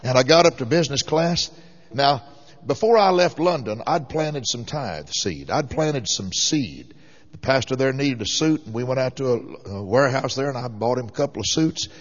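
A man's voice: medium pitch, animated, normal speed. A man preaching a sermon, telling a folksy story that rises into fervent exhortation. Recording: muffled lo-fi recording.

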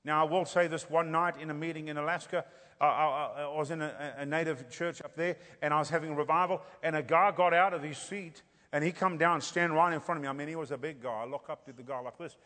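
A man's voice: fairly high pitch, steady tone, fast talker, sharp tone. A man with an African accent preaching a sermon, telling stories and building to fervent emphasis. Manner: storytelling, rising to fervent emphasis. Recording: long hall reverb.

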